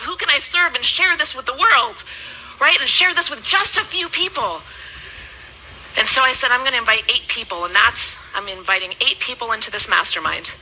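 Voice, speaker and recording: A woman in her thirties, a business coach, giving an emphatic motivational speech that swings between loud and hushed. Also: high voice, low-quality recording.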